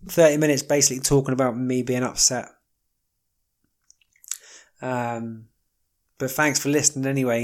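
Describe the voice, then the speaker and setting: Male solo podcast host, mid-pitched voice, rambling and wry, lots of fillers. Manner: rambling, wry, jokey asides with many fillers. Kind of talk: casual solo monologue.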